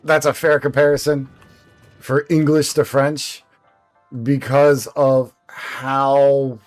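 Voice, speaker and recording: Male game streamer, casual livestream chat, rambling, easygoing, mid-pitched voice. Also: little pitch movement, slow pace, faint music behind. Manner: rambling, easygoing, laughs often.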